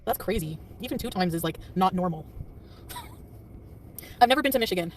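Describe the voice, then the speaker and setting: A woman chatting on a casual livestream, quick and defensive, often laughing and snapping back at commenters. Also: mid-range voice, very animated. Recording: distant mic with faint traffic noise.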